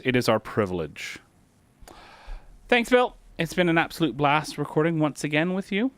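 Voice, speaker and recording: Man, from canada, upbeat podcast host, fairly high voice, dry close mic, faint music behind. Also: sing-song, normal speed, a bit bright, dry recording. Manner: upbeat, thankful. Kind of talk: casual podcast sign-off.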